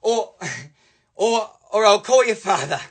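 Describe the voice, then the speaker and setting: A woman's voice: mid-range voice, lively intonation, slow pace, pitched above the performer's own voice. A man voicing an exasperated mother who scolds her kids and sends them to bed. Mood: scolding. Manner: scolding, threatening.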